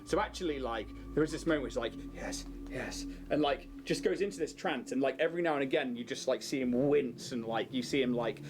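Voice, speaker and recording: A man's voice: medium pitch, fast, hardly any pauses, music in the background. A man playing a tabletop game, chatting casually and leaning heavily on "like" as he describes his character. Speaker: player.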